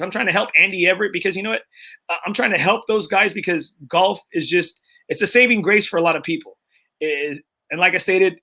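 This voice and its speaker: A man's voice: high voice, pushed and bright. A man hosting a casual golf podcast, speaking earnestly and getting emotional, with frequent restarts and fillers. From Texas. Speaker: podcast host.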